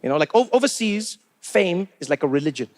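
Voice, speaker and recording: Chatty South African comedian, high-voiced man. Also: very animated, fairly quick, a little mellow. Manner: chatty, lots of "you know". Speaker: stand-up comedian. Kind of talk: stand-up comedy storytelling.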